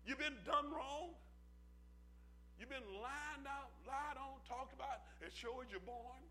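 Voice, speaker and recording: A male preacher delivers a sermon with a very high voice. His tone is piercingly bright, and he builds rolling, repetitive phrases. He keeps turning to the congregation with questions. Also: a little slow, slight background noise. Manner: rhythmic, repetitive preaching cadence.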